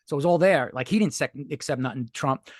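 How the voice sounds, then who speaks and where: A man's voice: mid-range voice, quick pace, dry recording, clean studio sound. A man telling a candid, rambling story with frequent swearing and restarts, as a podcast guest. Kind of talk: casual storytelling.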